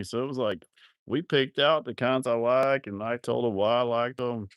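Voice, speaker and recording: Running a casual livestream for his cattle farm channel, a man reads viewer comments, rambling and joking crudely at his own expense. His voice is medium-pitched at a moderate pace, recorded at studio quality without echo.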